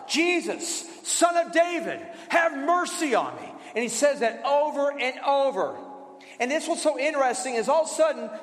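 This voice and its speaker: A man preaching a sermon as pastor, in a conversational style with rhetorical questions and repetition. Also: very high-pitched. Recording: roomy hall reverb.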